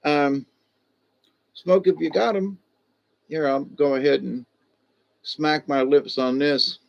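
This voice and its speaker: A man's voice: on the high side, steady tone, takes it slowly, creaky. A man hosting a casual livestream, rambling in a loose, folksy way and greeting viewers by name. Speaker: livestream host.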